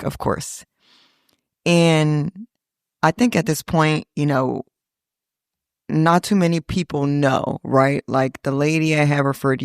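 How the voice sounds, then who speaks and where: A woman's voice: low voice, gravelly, no echo, clean studio sound. A middle-aged woman hosting a podcast, reflectively telling a personal story and quoting her family in little voices. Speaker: podcast host.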